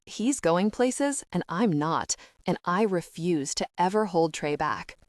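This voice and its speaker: A woman narrating a first-person romance audiobook in an intimate, even tone. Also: lowish voice, takes it slowly, no room sound, studio quality.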